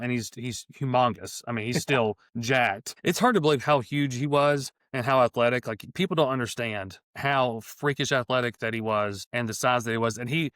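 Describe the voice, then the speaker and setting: Casting: middle-aged male podcast host, smooth clear voice, eager, rambling delivery, dry close mic. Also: mid-range voice, a bit bright, no echo. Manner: enthusiastic, rambling with restarts. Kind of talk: casual sports podcast chat.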